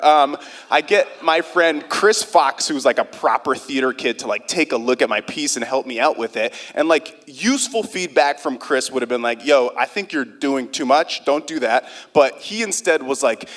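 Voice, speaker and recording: A young man telling a funny personal story live on stage, casual and self-mocking, full of quick asides. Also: on the high side, a bit bright. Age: young adult. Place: theater stage before an audience.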